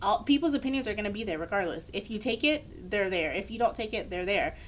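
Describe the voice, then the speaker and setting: Young woman co-host with a mid-range voice, telling a lively personal story over a faint low rumble. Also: fast talker. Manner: animated storyteller acting out quoted voices. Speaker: podcast co-host. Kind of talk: candid personal story in a podcast chat.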